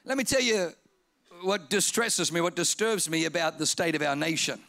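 A male preacher with a high, bright voice, delivering a sermon in a church. He is lively and comic, repeating phrases for effect and slipping into acted-out voices. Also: moderate pace.

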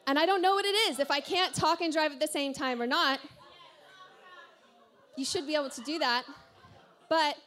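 A woman pastor preaching to a congregation, telling a personal story in an animated, self-deprecating way and laughing often. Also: sits high, normal speed, pauses often, a faint crowd. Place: church service before a congregation.

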